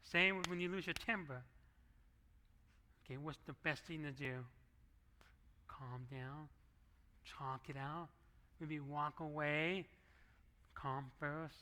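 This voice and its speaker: Bright-voiced man preaching conversationally. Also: fairly high pitch, steady tone, takes it slowly, pauses often. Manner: conversational preaching with acted asides. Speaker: pastor. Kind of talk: sermon. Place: church sanctuary. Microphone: handheld microphone.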